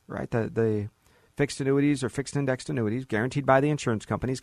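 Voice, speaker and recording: Speaking at a racing pace in a gravelly, medium-pitched voice, this financial radio host spins client stories and mocks bureaucrats through quoted asides in funny voices. He's a middle-aged man, and the recording is clean studio sound with no room tone.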